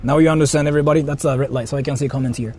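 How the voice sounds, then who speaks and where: In his car, a man vlogs as he drives, his casual chat rambling along with fillers and swearing. His medium-pitched, warm voice races by with fairly even intonation, and there's faint road noise from the car and street.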